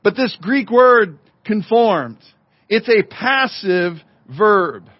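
A man preaching a sermon as pastor, speaking emphatically to the congregation and online viewers, slowing down and dropping to a murmur for effect. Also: high voice, expressive, dry recording. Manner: emphatic preaching with dramatic slowdowns and drops to a murmur. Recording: dull lo-fi sermon audio.

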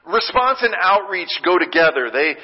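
A pastor preaching a sermon, telling a story in a lively, conversational way from the pulpit. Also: male voice, high voice, moderate pace, husky. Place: church sanctuary. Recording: long church reverb, muffled sound.

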